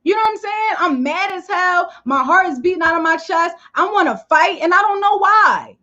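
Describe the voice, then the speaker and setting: High-voiced animated woman livestreaming. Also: normal speed, lo-fi sound. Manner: animated, emphatic, repeats "okay?" and "you know". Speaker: livestream host. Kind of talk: casual live-stream talk. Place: living room at home.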